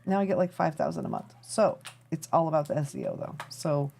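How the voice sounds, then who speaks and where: Animated, mellow-voiced woman chatting on a live stream. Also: low-pitched, fairly quick, creaky. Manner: chatty and rambling, thinking aloud while tinkering. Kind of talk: casual chat to a live audience.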